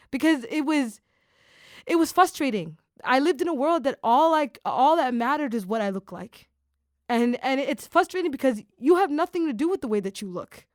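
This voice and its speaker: A woman's voice: on the high side, no room sound, clean studio sound. A woman hosting a podcast in casual chat, talking in enthusiastic bursts with lots of fillers. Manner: animated, enthusiastic, talks in bursts with many fillers. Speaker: podcast host.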